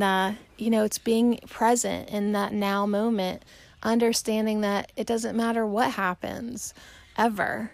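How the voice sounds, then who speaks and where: A woman's voice: mid-range voice, creaky. A woman hosting a podcast, talking casually and rambling, laughing often. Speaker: podcast host. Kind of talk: casual solo chat. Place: outdoors on a porch.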